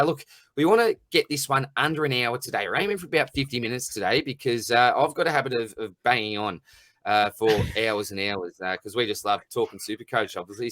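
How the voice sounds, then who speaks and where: A man's voice: lowish voice, a bit bright, no echo. A middle-aged man with an Australian accent, hosting a podcast in blunt, rambling, jokey rants. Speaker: podcast host. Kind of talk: casual chat.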